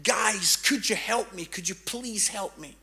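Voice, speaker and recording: A man's voice: high voice, measured pace, pushed and bright, faint music behind, heavily acted. A man playing a frantic pleading older dad. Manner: urgent, pleading, raised voice.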